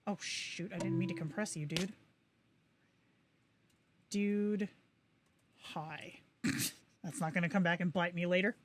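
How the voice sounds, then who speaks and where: A woman's voice: lowish voice, steady tone, a little slow, pauses often, slight background noise. A woman hosting a livestream, giving a casual tutorial and chatting as she clicks through settings. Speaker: livestream host.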